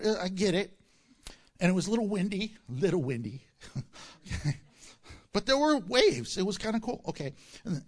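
A man's voice: sits high, a bit bright. A man preaching a sermon, reading scripture and breaking into joking asides and acted-out quotes. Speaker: pastor.

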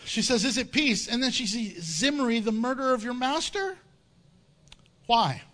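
Lively, bright-voiced male preacher. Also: extremely high pitch, normal speed. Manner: animated storytelling with jokes and acted-out voices. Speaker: pastor. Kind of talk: sermon.

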